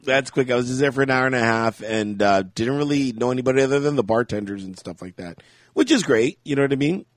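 A man's voice: medium pitch, animated, fast, no room sound, studio quality. A man co-hosting a podcast, telling a rambling story in casual chat and laughing often. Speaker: podcast co-host.

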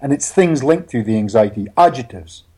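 A man speaking as a hypnotherapist guest in a casual interview, an animated storyteller who laughs often and repeats his words. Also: mid-range voice, normal speed, breathy edge.

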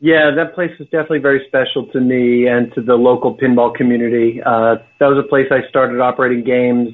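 A man's voice: mid-range voice, fairly even intonation, fast talker. A man from Massachusetts, a guest talking casually with lots of fillers and easy laughs. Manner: chatty, laughs easily, many fillers. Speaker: guest, pinball operator. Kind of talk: casual chat. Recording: tinny phone line.

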